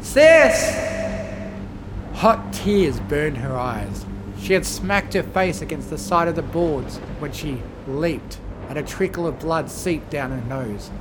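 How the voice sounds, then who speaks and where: A man reading a horror fan fiction story aloud with measured, dramatic storytelling. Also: on the high side, background noise.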